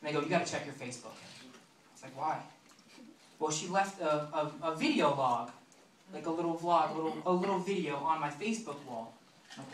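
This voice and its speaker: A young man in his twenties doing a stand-up set, talking fast and loose, with lots of fillers and asides to the crowd. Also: fairly high pitch, a bit bright. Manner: chatty, filler-heavy delivery with quick asides to the crowd. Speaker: stand-up comedian. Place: comedy club stage. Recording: roomy club sound, mic far, noisy.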